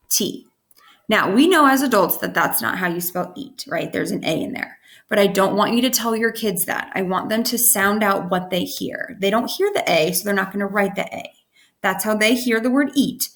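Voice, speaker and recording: A woman teacher casually walking parents through how their young children should write sentences, often checking in with "okay?" and slowly sounding out letters. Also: mid-range voice, a bit bright. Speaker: kindergarten teacher.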